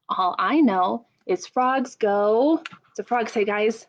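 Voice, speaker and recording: A young woman hosts a children's story time, drawing out her questions slowly and playfully. Her voice sits a little high. The audio is dull and lo-fi. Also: expressive. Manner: slow sing-song questions, playful animal sounds. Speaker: children's librarian.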